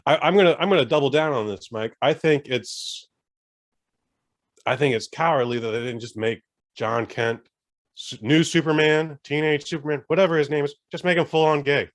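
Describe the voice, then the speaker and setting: A man's voice: on the high side, normal speed. Blunt, swearing podcast co-host man. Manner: blunt, swearing, emphatic rants. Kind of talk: casual chat.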